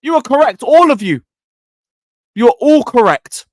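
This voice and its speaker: Young streamer, animated and sweary; lively pitch, dry close sound. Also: male voice, moderate pace, dry recording. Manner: animated, mocking, swears freely, swings between loud and muttered. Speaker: football channel host. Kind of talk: casual livestream rant.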